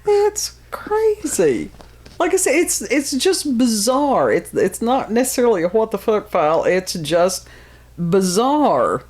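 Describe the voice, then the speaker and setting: A woman's voice: fairly high pitch, sing-song, takes it slowly, a little mellow. A woman hosting a casual podcast chat, blunt and exasperated, often sighing and laughing. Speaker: podcast host.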